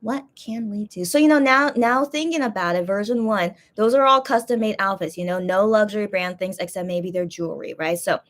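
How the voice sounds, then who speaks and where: A congested woman hosts a casual, rambling chat, circling back over her own opinions with plenty of fillers and restarts. Her voice sits at an ordinary middle pitch, a little stuffy throughout. She reads viewer comments aloud and answers them. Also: brisk, few pauses, fairly bright tone. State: congested, coughing. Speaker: host reacting to concept photos.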